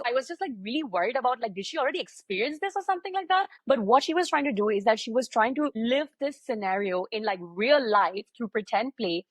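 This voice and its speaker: Quick, animated woman podcast co-host. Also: a little high, dry recording. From India. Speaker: podcast co-host, pediatric sleep consultant. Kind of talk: casual podcast chat.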